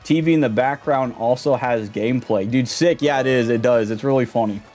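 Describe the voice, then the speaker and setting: A laid-back man chatting on a live game stream, slangy and easygoing, greeting viewers as he plays. His voice sits at an ordinary middle pitch, with faint game music behind. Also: fairly quick, darkish tone. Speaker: livestreamer. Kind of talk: casual live-stream chat.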